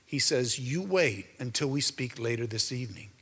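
A man's voice: mid-range voice, animated, normal speed, fairly bright tone, slightly rough, long reverb tail. A man co-hosting a Christian talk show, telling his story in an earnest, preacherly way and speaking straight to the listeners. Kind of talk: preaching-style testimony.

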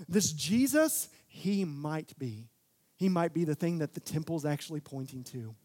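A young man preaches a sermon in a fairly high voice. He talks in a relaxed, plain way, then his delivery turns animated and rises to loud, emphatic peaks. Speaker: pastor.

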